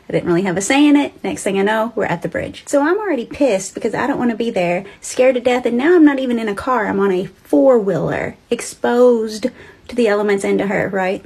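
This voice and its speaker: A woman's voice: a little high, creaky, a little mellow, slightly rough. A woman telling a ghost story in a chatty, dramatic way, talking straight to her listeners. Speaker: storyteller host.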